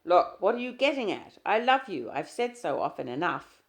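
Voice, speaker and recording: A woman reading the lines of an irritable young husband in an audiobook, with loud, clipped, defensive retorts. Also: sits low, animated, a little slow, creaky, exaggerated voice. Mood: curt. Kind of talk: audiobook character dialogue.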